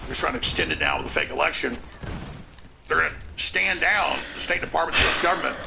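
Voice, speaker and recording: A man's voice: on the high side, gravelly, background noise. A male talk show host ranting emphatically in commentary. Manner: emphatic, rapid, conspiratorial.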